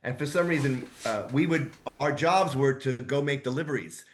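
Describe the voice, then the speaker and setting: Guy in his 60s telling stories on a podcast, animated, lots of asides. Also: mid-range voice, normal speed, slight background noise. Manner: rambling, animated anecdotes with asides. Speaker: voice actor guest. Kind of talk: casual storytelling interview.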